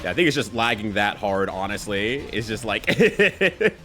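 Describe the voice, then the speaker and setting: Male streamer, animated pitch, chatty gameplay commentary, laughs a lot. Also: normal speed, over music. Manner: chatty, laughs often, talks to chat while playing.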